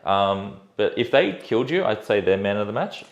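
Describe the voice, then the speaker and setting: A man with a low voice calmly explains game rules and numbers in a matter-of-fact way, never hurried. The room is echoey and bare. He sounds laid-back and easygoing. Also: dull audio. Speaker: guest player. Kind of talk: casual post-game chat.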